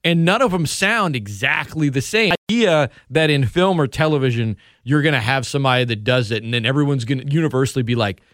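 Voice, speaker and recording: A man hosting a casual sports talk show, opinionated and animated. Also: mid-range voice, quick pace, few pauses, no echo, studio quality. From Louisiana. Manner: animated, opinionated, talks over others. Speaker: host.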